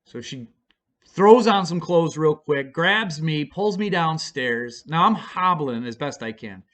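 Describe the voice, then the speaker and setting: Bright-voiced man telling a rowdy story. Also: on the high side, lively intonation, measured pace. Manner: rambling and profane, with many fillers. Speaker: storyteller vlogger. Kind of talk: casual storytelling.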